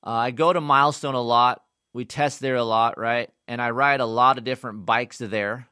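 A man's voice: medium pitch, steady tone, normal speed, bright, forceful tone, clean tone, dry recording, studio quality. A man giving a casual, rambling motocross bike review, blunt and often profane.

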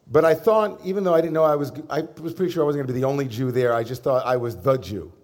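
Male rabbi, mid-pitched, easygoing, joking sermon voice, natural pauses. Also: a little mellow. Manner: conversational, humorous, with pauses and fillers. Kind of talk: sermon with personal storytelling. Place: synagogue service before a congregation.

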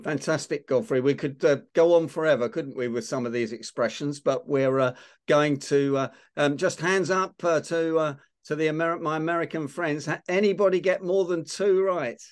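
A man's voice: a little high, normal speed. An older man with a London Cockney accent hosts a casual online session. He talks in a chatty, playful way and quizzes his listeners on slang. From London, England. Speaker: host of an online talk session. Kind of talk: casual hosted chat on slang.

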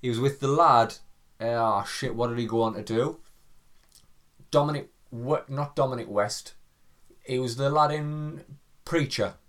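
A man's voice: mid-range voice, measured pace, pauses often, a bit bright. A man co-hosting a podcast, chatting casually, sweary, jokey and rambling. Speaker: podcast co-host. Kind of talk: casual banter.

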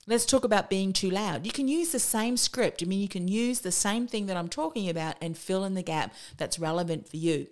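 A woman business coach hosting a motivational podcast who talks quickly and with emphasis, repeating her key points. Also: fairly high pitch, expressive.

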